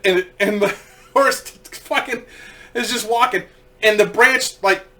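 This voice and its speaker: A young man casually telling funny stories, animated, swearing freely and laughing as he goes. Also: high-pitched. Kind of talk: casual comedic storytelling.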